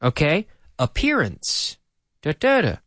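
A man's voice: a little high, takes it slowly, no echo, studio quality. A middle-aged man teaching an English lesson, playfully drilling words by repeating them with a rhythmic da-da-da. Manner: playful, animated delivery.

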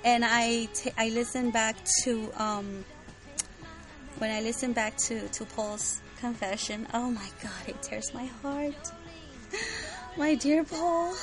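A woman's voice: fairly high pitch, fairly even intonation, measured pace, music in the background, rough recording. A bubbly, giggly woman co-hosting a podcast, chatting casually about a book series and reading out listener comments. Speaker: podcast co-host.

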